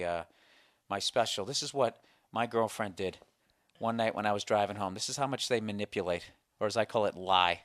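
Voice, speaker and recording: A man with a lowish voice hosts a casual comedy podcast, delivering animated rants and stories laced with swearing, recorded with no room sound.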